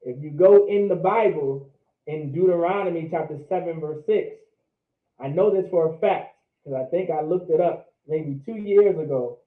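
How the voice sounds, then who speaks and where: A man teaches vocabulary in a relaxed, informal way, drawing words out and repeating them. His voice sits a little high. The sound is tinny like a phone line and echoes in the room. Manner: drawn-out repetition of words, informal. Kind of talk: casual online language lesson.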